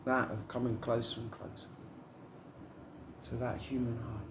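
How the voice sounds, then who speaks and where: A man's voice: mid-range voice, little pitch movement, a little slow, echoey room, background noise. A man giving a rambling, heartfelt spiritual monologue to camera, musing on love and trust.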